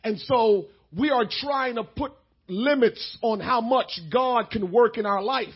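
Middle-aged male pastor, very high husky voice, sermon delivery that builds from hushed to shouted, emotional breaks, dull lo-fi sound. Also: a little slow.

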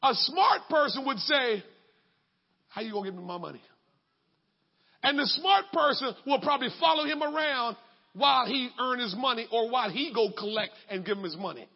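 A man preaching a sermon in a colloquial, emphatic way, bursting into shouts. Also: extremely high pitch, lively intonation, fairly quick, creaky, husky, dull audio.

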